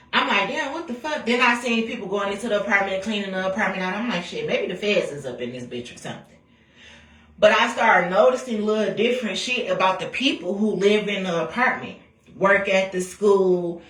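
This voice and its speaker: A woman tells a story from her own life, blunt, profane and animated, acting out what people said along the way. Her voice sits a bit back from the mic in an echoey room. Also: mid-range voice, far from the mic. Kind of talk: casual storytime rant.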